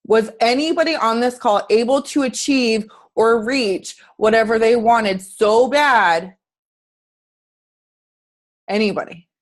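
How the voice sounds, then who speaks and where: A woman's voice: on the high side, slow pace. A woman fitness coach giving an earnest, chatty motivational talk on a group video call, asking her listeners questions.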